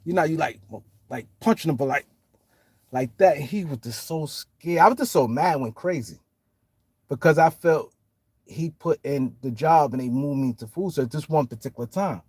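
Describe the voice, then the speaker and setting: A man's voice: on the high side, moderate pace, darkish tone, husky, no room sound. A man telling a story in a rambling, casual way, full of street slang and restarts. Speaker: guest telling his life story.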